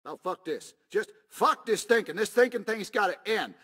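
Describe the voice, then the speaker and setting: A man's voice: high voice, lively intonation, moderate pace, fairly bright tone. A man voicing a foul-mouthed, hot-tempered repairman in a video game, ranting and cursing to himself.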